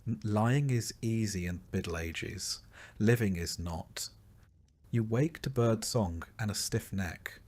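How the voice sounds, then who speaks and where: A man calmly narrating a soothing bedtime history story in the second person. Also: fairly low pitch, dry recording. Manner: soft, soothing and unhurried.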